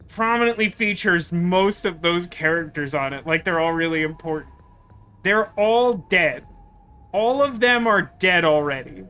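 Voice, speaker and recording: A male game streamer rambles over gameplay in wry, sarcastic asides. His voice is bright and sits slightly high. Game music plays softly underneath. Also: smooth. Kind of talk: casual let's-play commentary.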